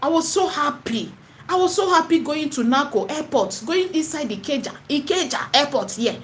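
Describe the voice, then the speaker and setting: A woman's voice: high voice, lively intonation, normal speed, a little hiss or hum. A woman with a Nigerian accent gives an impassioned preaching monologue in her vlog. She is emphatic and repetitive and slips into Pidgin and Igbo phrases. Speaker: online seller and spiritual vlogger.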